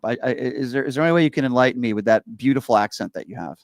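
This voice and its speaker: A man hosting a call-in radio talk show, lively and opinionated, taking calls on a studio mic. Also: mid-range voice, gravelly, no echo. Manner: lively, opinionated, talks fast at times.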